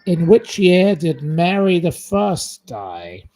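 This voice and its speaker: A man's voice: on the high side, big pitch swings, slow, warm tone, rough recording. A man from northwest England hosting a casual live quiz from home, rambling and chatty with many fillers. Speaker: livestream host running a quiz.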